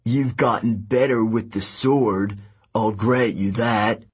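A man voicing a smug, scheming young traitor in a storybook, calm and husky with a slightly raised pitch. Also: slow pace, exaggerated voice. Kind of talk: audiobook narration.

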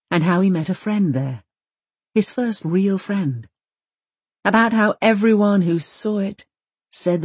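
A woman narrating an audiobook in a measured, gentle storytelling manner. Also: on the low side, slightly rough, no echo.

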